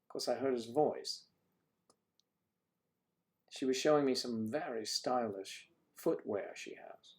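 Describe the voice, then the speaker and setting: A man's voice: medium pitch, slow, long pauses. Rambling, jokey man chatting with viewers. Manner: rambling, jokey, lots of fillers. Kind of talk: casual chat with viewers.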